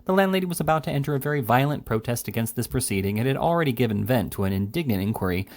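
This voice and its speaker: A man reading a classic novel aloud in a steady, plain narration. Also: medium pitch, very fast. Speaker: reader. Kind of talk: audiobook reading.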